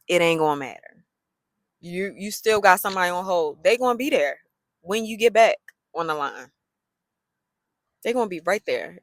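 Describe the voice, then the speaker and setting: A woman, telling a story in a casual vlog, sassy and animated. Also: fairly low pitch, no echo, low-quality recording. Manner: animated, sassy, loose colloquial talk.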